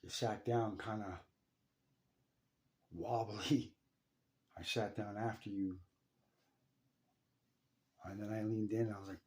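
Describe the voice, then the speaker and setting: Intense low-voiced man telling a raw story. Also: fairly even intonation, a little mellow. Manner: intense, profane, halting with repeats. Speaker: son telling a personal story. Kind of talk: emotional first-person address.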